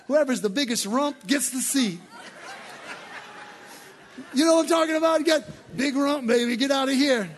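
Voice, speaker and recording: A man preaching a sermon as pastor, rising to shouted peaks and dropping into playful, joking asides. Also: very high voice, moderate pace, long pauses.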